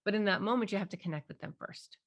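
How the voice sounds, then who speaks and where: A woman's voice: medium pitch, quick pace. A middle-aged woman, a parenting clinician, explaining techniques in an interview and animatedly acting out parent and child voices.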